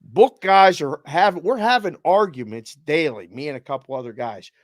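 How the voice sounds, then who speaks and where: A man's voice: fairly high pitch, normal speed, no room sound, studio quality. A middle-aged man hosting a sports betting show in casual chat, telling stories animatedly and acting out the back-and-forth. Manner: animated storyteller acting out quoted exchanges.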